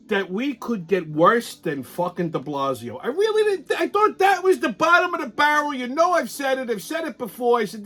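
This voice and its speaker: A man hosting a comic, profane ranting monologue, telling stories in an animated way. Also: extremely high pitch. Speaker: host.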